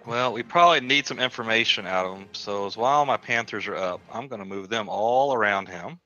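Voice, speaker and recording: A man playing a tabletop game, slowly and deliberately describing his character's actions with many fillers. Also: fairly low pitch, pushed and bright, muffled recording, faint music behind. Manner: slow, deliberate, hesitant with fillers. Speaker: player.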